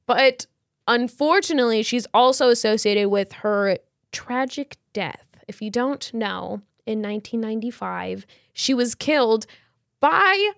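A woman's voice: a little high, fairly bright tone, no echo, clean studio sound. A woman co-hosting a podcast, telling a story in casual chat with slang and lots of fillers. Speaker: podcast co-host.

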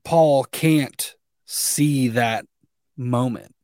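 Young dude rambling through a chat, lots of likes, mid voice, dry sound. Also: male voice, medium pitch, very slow, a little mellow, no room sound. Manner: rambling, many likes and restarts. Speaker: podcast co-host. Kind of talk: casual chat.

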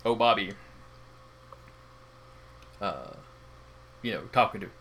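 Bright-voiced male game master. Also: lowish voice, expressive, slow pace, a little hiss or hum. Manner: hesitant, full of fillers. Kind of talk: narrating a tabletop game.

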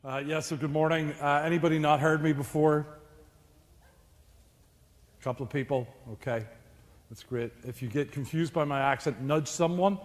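A man's voice: on the high side, normal speed, pauses often, big-room sound, faint music behind. Man preaching with joking, easy chat. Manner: chatty, joking with the congregation. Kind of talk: sermon. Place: church.

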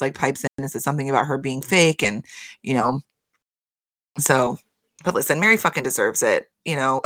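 A man's voice: a little high, a bit bright, no room sound, clean studio sound. A man giving a casual recap of a reality show, blunt and profane, exasperated, and laughing often.

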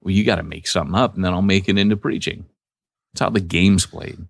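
A man co-hosting a podcast in casual banter, joking and animated. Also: low-pitched, fast talker, gravelly, slightly rough, no room sound, clean studio sound. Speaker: podcast co-host.

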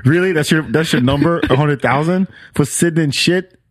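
A man's voice: on the high side, moderate pace, no room sound, clean studio sound. A male podcast host in a casual chat, teasing his guest with joking questions.

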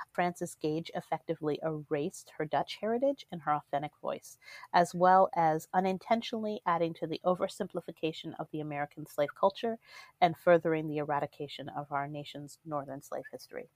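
A woman's voice: deep voice, a little mellow, no room sound. A woman co-hosting a podcast, reading her history notes aloud with frequent ums between her remarks. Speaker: podcast co-host. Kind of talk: casual chat with read-out history notes.

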